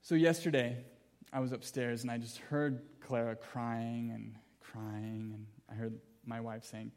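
A man delivering a sermon with earnest emphasis, leaning on repeated key phrases. He shifts easily into personal anecdotes with gentle humor, speaking at a middling pitch. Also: level tone, measured pace. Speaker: pastor.

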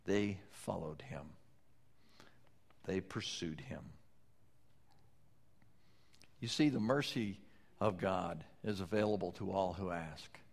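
A man preaching a sermon, swinging between loud pleading passages and soft, low-spoken lines. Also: slow pace, creaky, pauses often. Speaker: pastor.

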